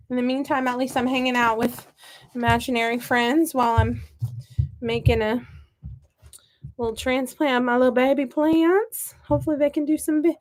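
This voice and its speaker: Midwestern gal gabbing while she repots tomato seedlings, kinda high voice, rambles and pokes fun at herself. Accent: Midwestern American. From American Midwest. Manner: chatty, rambling, self-mocking. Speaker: gardening vlogger. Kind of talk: casual chat while working.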